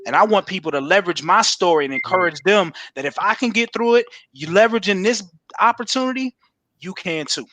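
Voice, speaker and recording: A man giving an energetic, preacher-like sales pitch over a video call. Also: brisk, slight background noise. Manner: fired up, preacher-like exhortation. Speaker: guest presenter.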